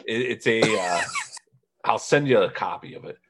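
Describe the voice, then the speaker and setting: Rambling, laughing man with a low voice. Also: lively intonation, moderate pace, a bit bright, slight background noise. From northern Indiana. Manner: rambling storyteller, laughs often. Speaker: podcast host. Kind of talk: casual chat.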